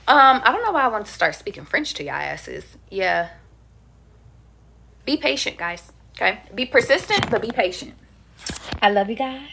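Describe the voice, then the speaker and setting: A woman's voice: fairly high pitch, big pitch swings, moderate pace, gravelly, long pauses, bright, forceful tone, a little hiss or hum. A young woman giving a casual livestream tarot reading, chatty and slangy, swearing casually. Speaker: tarot reader.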